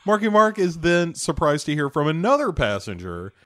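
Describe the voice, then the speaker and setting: A man's voice: on the high side, big pitch swings, moderate pace, fairly bright tone, no echo, studio quality. A man co-hosting a podcast, wisecracking through a movie recap. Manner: wisecracking, mocking impressions. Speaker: podcast co-host. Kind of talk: casual comedic movie recap.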